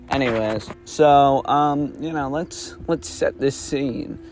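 A man's voice: mid-range voice, expressive, takes it slowly, few pauses, darkish tone, faint music behind. A man hosting a podcast, improvising a story in a rambling, self-correcting way and swearing casually. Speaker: podcast host.

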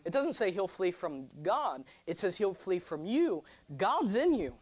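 A young man preaching a sermon, animated and joking, drawing responses from his congregation. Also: high voice, unhurried. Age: 20s. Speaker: pastor.

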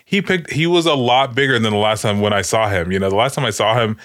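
A man's voice: lowish voice, fast talker, fairly bright tone, no room sound, studio quality. Rambling man chatting about a movie. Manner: rambling, swearing, frequent fillers. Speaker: podcast co-host. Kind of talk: casual movie discussion.

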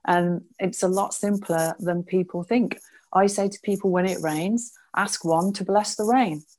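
A woman's voice: lowish voice, fairly even intonation, a little slow, darkish tone. A woman in a casual conversation, talking as a spiritual healer, earnest and explaining with frequent restarts.

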